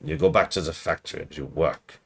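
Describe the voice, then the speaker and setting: A man streaming a game review, rambling through jokey riffs with deadpan asides. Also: rumbling low, a little fast, a little hiss or hum. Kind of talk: casual livestream commentary.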